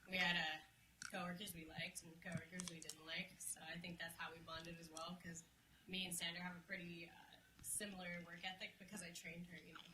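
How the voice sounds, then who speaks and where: A woman's voice: fairly low pitch, flat delivery, brisk. A woman guest in a casual chat who talks loosely, swears, and laughs often. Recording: echoey room with clear background noise.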